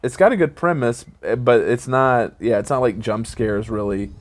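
A middle-aged father co-hosting a casual podcast with his daughter, rambling and halting with many fillers. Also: medium pitch, a little hiss or hum.

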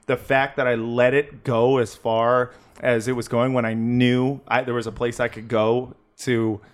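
A man's voice: mid-range voice, flat delivery. Candid, profane man giving recovery advice. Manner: earnest, profane, halting with many fillers. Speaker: podcast co-host. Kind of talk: casual podcast chat.

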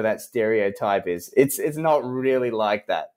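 A young Australian man from Western Australia, a copywriter chatting as a podcast guest, animated and jumping up in pitch when he quotes people. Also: a little slow, few pauses. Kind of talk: casual interview chat.

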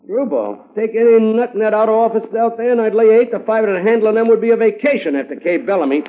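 A pushy brash talent agent. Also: male voice, high voice, expressive, fast. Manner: brash slangy New York patter. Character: pushy fast-talking male talent agent. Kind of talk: 1950s radio drama acting. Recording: tinny old radio broadcast.

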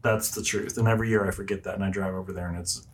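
A man co-hosting a podcast from home, chatting in a relaxed, rambling way that trails off into fillers. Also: deep voice, rapid-fire, a little hiss or hum. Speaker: podcast co-host. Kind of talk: casual chat.

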